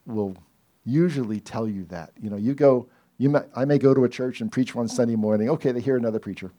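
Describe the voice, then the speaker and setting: Middle-aged man, preacher, dark mellow tone, chatty rambling sermon delivery with lots of asides. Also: fairly low pitch. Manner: conversational, rambling, many asides and self-corrections. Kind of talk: casual sermon.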